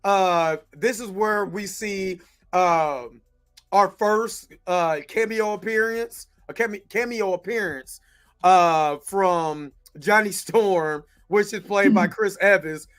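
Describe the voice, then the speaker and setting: A man hosting a casual movie review chat, animated and laughing often as he acts out scenes. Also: high-pitched, slow pace. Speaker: host.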